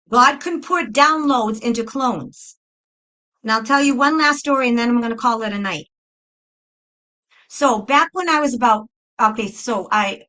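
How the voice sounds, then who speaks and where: A middle-aged woman from New talks straight to her viewers in a loose, unscripted monologue. She is blunt and swears freely, stumbles and repeats herself as she goes. Her voice is bright, forceful and a little high. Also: low-quality recording. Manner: blunt, profane, repeats and restarts. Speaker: spiritual video host. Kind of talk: casual storytelling monologue.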